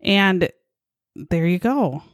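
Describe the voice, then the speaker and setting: A woman's voice: lowish voice, lively intonation, very slow, dry recording, clean studio sound. A woman telling a story in casual chat, sarcastic and profane, mocking the people in it.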